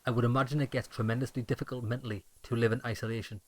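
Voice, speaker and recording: A man voicing a calm, polite police lieutenant. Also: mid-range voice, very fast, close to an everyday voice. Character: measured male police lieutenant.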